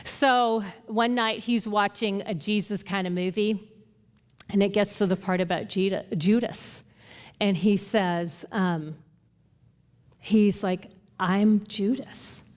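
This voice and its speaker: Leading a Bible study, a woman speaks slowly at a medium pitch with a darkish tone and fairly even intonation. She earnestly teaches in a conversational manner and retells stories with quoted lines, all in a big-room acoustic.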